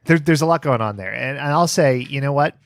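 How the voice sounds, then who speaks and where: A man's voice: mid-range voice, brisk, no echo, clean studio sound. A man co-hosting a comedy podcast, joking around and laughing often. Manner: jokey, laughs often, does silly voices. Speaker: podcast co-host. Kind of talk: casual comedic chat.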